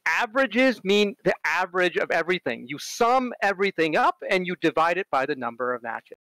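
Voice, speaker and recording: A man speaking as a conference presenter, chatty and full of fillers. His voice sits a little high and turns animated when he tells stories. The recording is dry and close, with no room sound. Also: a little fast, no room sound, poor audio. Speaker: conference speaker on robotics strategy. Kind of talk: casual talk with stories.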